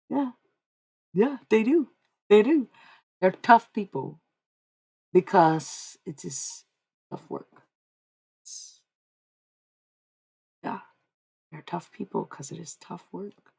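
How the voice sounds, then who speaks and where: A woman's voice: medium pitch, lively intonation, takes it slowly, gravelly, pauses often, slightly rough. A young woman livestreaming, chatting casually and giving psychic readings, rambling and repeating herself with frequent laughs. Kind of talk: casual live-stream chat.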